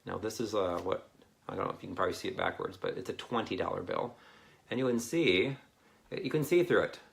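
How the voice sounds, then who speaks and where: Low gravelly man rambling to viewers. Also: a little fast. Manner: rambling, chatty, laughs often. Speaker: Christian ministry speaker. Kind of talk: casual live video chat with viewers.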